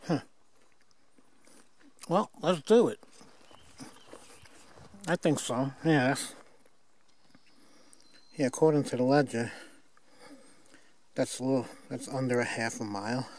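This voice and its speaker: A man's voice: mid-range voice, slow pace, pauses often, a little mellow, no room sound. An older man filming himself on a forest trail, rambling and chuckling at himself in a casual hiking vlog. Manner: rambling, self-mocking, chuckling. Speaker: hiker filming his hike. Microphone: handheld camera mic.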